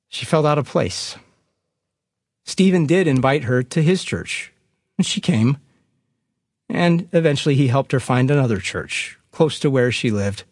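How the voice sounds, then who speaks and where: A man preaching, retelling a story slowly and expressively. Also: medium pitch, dry recording, studio quality. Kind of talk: storytelling sermon.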